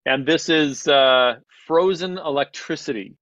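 Brief: male gallery presenter, mid pitch, chatty and halting, dry slightly dull recording. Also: a bit bright, dry recording. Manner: chatty, halting restarts, laughs often. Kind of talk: casual panel chat. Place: convention panel stage.

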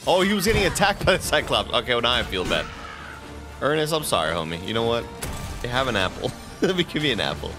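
A man streaming a video game, excitable and profane, laughing and talking to his chat. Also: medium pitch, quick pace. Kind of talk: live gameplay commentary. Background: game music and sound effects.

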